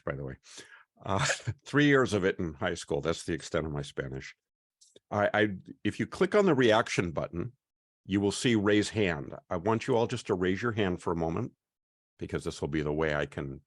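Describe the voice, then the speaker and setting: Male host, deep voice, easygoing and welcoming, online class on a video call. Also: expressive, no echo, clean studio sound. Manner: chatty, welcoming, often pauses with "uh".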